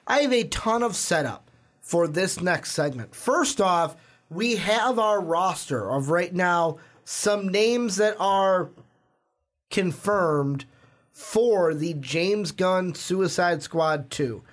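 A man's voice: high-pitched, lively intonation, slow pace. A young man hosting a casual podcast, chatty, reading notes aloud with fillers. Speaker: podcast host. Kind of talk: casual chat.

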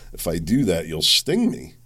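A man's voice: low-pitched, wildly swooping pitch, measured pace, bright, forceful tone, slightly rough, exaggerated voice. A man voicing a trusting frog in a fable, who hesitates before agreeing. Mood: hesitant.

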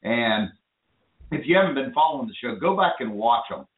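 A man's voice: medium pitch, animated, fairly quick. A man hosting a call-in radio talk show, talking with enthusiasm and rambling with restarts. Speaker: show host. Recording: phone-line audio in an echoey room.

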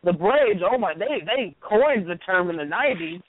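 A man with a high voice co-hosts a sports radio talk show and mocks the local teams with sarcastic asides. The sound is tinny and phone-like, dry and close. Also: lively intonation, moderate pace, no room sound. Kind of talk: casual sports radio rant.

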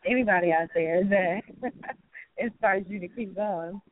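A woman's voice: medium pitch, unhurried, no room sound. A woman hosting a talk show, upbeat and encouraging, laughing often as she interviews a guest. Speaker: radio show host. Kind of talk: casual interview. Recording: tinny phone line.

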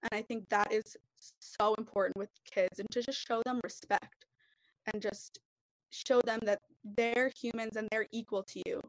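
A woman's voice: on the high side, fairly even intonation, moderate pace, no room sound, rough recording. A young woman in a podcast group discussion, talking earnestly and rambling with lots of fillers. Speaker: podcast participant.

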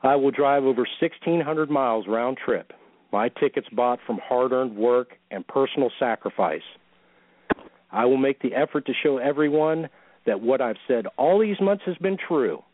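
A man's voice: mid-range voice, dry recording. Pompous man reading a mock-solemn letter. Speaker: podcast co-host. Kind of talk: dramatic open-letter reading. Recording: tinny phone-line call-in.

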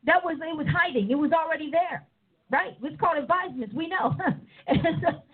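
A woman preaching a sermon with animated delivery. She slips into other people's voices to act them out. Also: sits high, a little fast. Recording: tinny phone-like sound.

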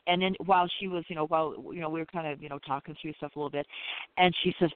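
Fast-talking man on a tinny phone line. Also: a little high, steady tone, clean tone, dry recording. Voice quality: rambling, heavy with fillers like "you know" and "it's like". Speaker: Reiki practitioner. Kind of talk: casual chat.

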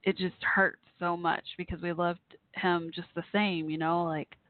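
A woman's voice: on the low side, flat delivery, no room sound. Emotional woman host on a phone line. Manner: halting and emotional, many fillers and restarts. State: near tears. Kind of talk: call-in radio talk show. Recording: tinny phone-line audio.

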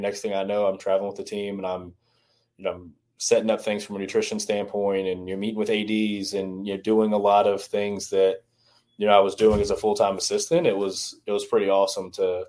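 A man's voice: on the low side, dark tone. A man from the American South, a former baseball strength coach, talking loosely in a podcast interview with lots of restarts. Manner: rambling, many restarts and "you know"s.

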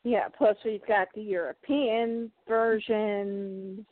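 A woman's voice: medium pitch, fairly even intonation, takes it slowly. A woman co-hosting a casual chat, talking in an easygoing way and repeating words while she searches for them. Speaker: co-host of a toy collecting show. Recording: dry, phone-like narrow audio.

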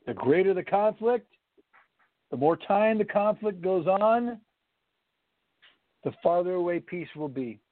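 A man's voice: sits high, animated, a little slow, long pauses, dry recording. A man giving a Bible study lecture as instructor, emphatic, blunt and preachy. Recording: tinny phone-like, dry sound.

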